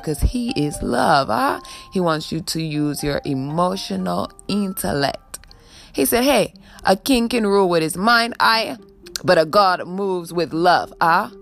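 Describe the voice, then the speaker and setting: A woman with a fairly low, creaky voice delivers a preachy spiritual pep talk to camera. She ends most sentences with a questioning "ah?" and sighs now and then, sighing before she blows love.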